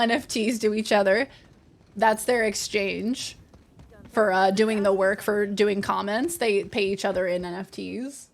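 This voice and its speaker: A young woman casually chatting with her stream chat while gaming, playful and sarcastic, swearing freely. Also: mid-range voice.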